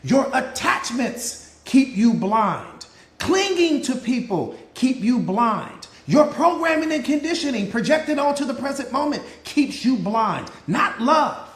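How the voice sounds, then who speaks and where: A man's voice: extremely high pitch, sing-song, unhurried, reverberant. A man giving a live motivational talk as a mindset coach, emphatic and preachy, repeating key lines and bantering with people in the audience by name.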